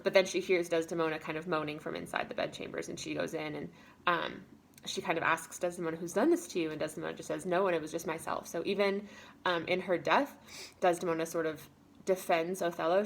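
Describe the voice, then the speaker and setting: A woman's voice: lowish voice, gravelly. Chatty woman teaching a casual lesson. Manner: chatty and informal, with many fillers, paraphrasing characters in quoted lines. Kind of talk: casual spoken lesson summary.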